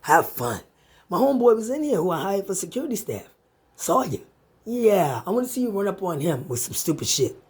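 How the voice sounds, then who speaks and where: A woman with a husky, breathy voice rants straight at the camera, swinging her pitch up and down as she taunts and curses someone. Her delivery is confrontational and profane. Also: very animated, a little fast, a little mellow. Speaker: vlogger. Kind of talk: angry direct-to-camera rant.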